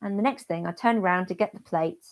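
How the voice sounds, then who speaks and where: A woman's voice: fairly low pitch, fast. A woman from the United Kingdom hosting a casual livestream, chatting about life with her guide dog, with frequent restarts and laughter. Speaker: channel host, guide dog user.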